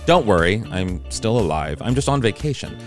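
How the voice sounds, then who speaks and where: A man's voice: on the low side, sing-song, moderate pace. Upbeat male podcast host over music. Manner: upbeat, playful and gushing. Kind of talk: chatty podcast intro. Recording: music bed under voice. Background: background music.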